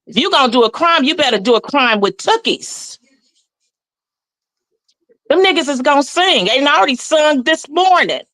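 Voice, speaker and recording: A woman's voice: high-pitched, expressive, moderate pace, pauses often, fairly bright tone, no echo. A woman in her forties with a Southern US accent, giving blunt, profane, impassioned commentary as a guest. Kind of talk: heated casual commentary.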